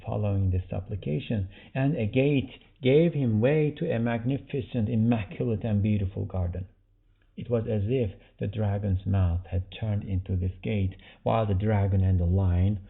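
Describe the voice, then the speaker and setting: A man's voice: lowish voice, creaky. A man teaching a religious commentary podcast, reading a passage aloud and then explaining it in plain words, with rhetorical questions. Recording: tinny phone-like audio.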